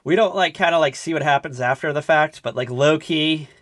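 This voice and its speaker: A young man co-hosting a podcast, casually retelling a sitcom episode with lots of fillers and animated asides. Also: fairly high pitch, a little fast, no room sound, studio quality. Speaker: podcast co-host. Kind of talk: casual recap chat.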